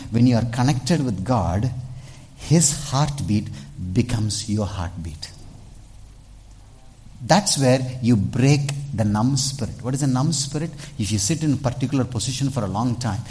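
Male pastor, mid-pitched, lively preaching to a congregation. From India. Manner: animated, calls out "Hello?" to the congregation, dramatic shifts in loudness. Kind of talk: sermon. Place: church.

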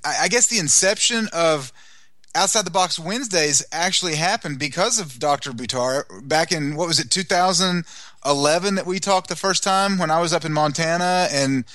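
Bright, rambling male radio guest. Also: a little high, no echo, clean studio sound. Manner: rambling, halting, cheerful. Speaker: guest co-host. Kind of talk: casual radio chat.

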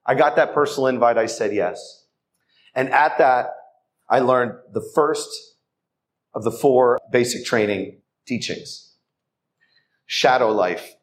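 A man's voice: medium pitch, slow, long pauses. Earnest man exhorting a men's gathering. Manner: earnest, exhorting, addresses the men directly. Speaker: speaker at a Catholic men's event. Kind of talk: testimony talk to a men's gathering. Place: church hall.

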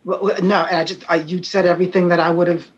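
A woman's voice: fairly low pitch, level tone, fast, highs cut off. A woman hosting an interview, friendly and affirming as she asks her questions. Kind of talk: conversational interview.

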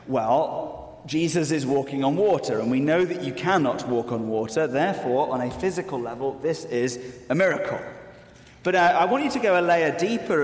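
A man preaching a sermon, earnest and explanatory with wry asides. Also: a little high. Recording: echoey hall with long reverb.

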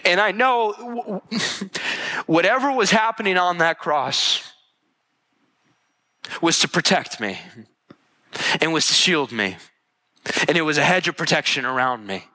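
A man preaching a sermon in an earnest, conversational way, voicing heartfelt prayers and dropping to a hushed tone for them. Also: on the high side, animated, a little slow, pauses often. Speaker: pastor.

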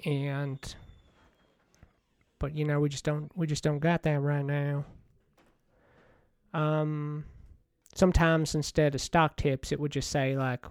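A man in a rambling comedic monologue as a washed-up TV money-show host, folksy, meandering and deadpan. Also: on the high side, slow, long pauses, clear, resonant tone, no echo, clean studio sound.

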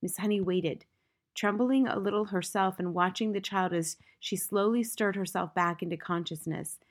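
A woman narrating a children's story aloud, expressive and building intensity at dramatic moments. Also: mid-range voice, moderate pace. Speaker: audiobook narrator.

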